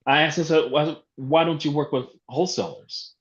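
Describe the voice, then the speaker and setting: A man, a real estate investor, telling an animated story from a talk, acting out phone calls and laughing as he goes. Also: fairly high pitch, moderate pace. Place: event room. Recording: roomy, dull lo-fi sound.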